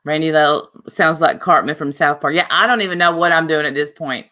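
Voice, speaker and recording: A woman hosting a casual livestream, sarcastic and animated, laughing often as she reads comments. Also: deep voice, a little fast. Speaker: livestream host.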